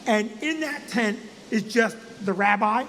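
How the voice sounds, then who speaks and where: A man, a comedian and co-host, telling a funny story in an animated, profane way. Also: high voice, measured pace, big-room sound, a little hiss or hum. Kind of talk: comic storytelling.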